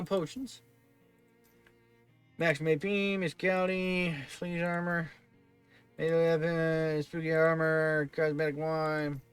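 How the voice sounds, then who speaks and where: A man's voice: a little high, a bit bright, clean tone, dry recording. A man giving let's play commentary, thinking aloud and muttering through item lists. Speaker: gaming video host.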